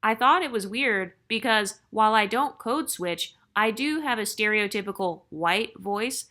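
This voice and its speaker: A woman's voice: mid-range voice, pushed and bright. A woman hosting her channel, reading a viewer's story aloud in a chatty way and breaking in with joking asides.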